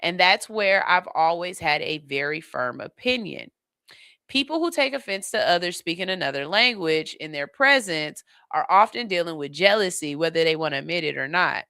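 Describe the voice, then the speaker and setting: Bright-voiced woman radio host. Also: on the low side, moderate pace, clean tone, dry recording, clean studio sound. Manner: animated, playful, gushing, then firm and reasoned. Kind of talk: casual opinion talk.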